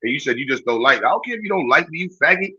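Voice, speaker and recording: A man's voice: on the high side, animated, rapid-fire, pushed and bright, breathy edge, dull audio. A man from Brooklyn with a New York accent, hosting a livestream and ranting in a mocking, profane way with bursts of laughter. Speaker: livestream host. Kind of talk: livestream rant.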